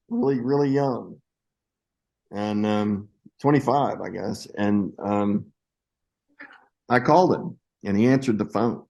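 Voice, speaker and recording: A man in his sixties, an actor telling lively anecdotes in a casual interview and acting out the voices of the people he quotes. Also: mid-range voice, poor audio. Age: 60s. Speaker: actor guest.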